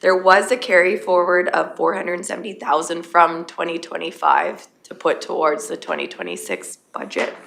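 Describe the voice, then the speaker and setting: A woman from county administration presenting a budget at a council meeting, losing her voice and speaking in a halting, matter-of-fact way with fillers. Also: lowish voice, creaky, fairly bright tone. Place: council chamber.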